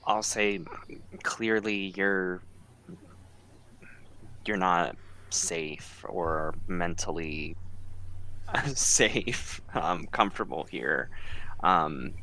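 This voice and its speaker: Deep, slow-talking man playing his character. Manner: gentle, halting speech with fillers. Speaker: player. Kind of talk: in-character tabletop play.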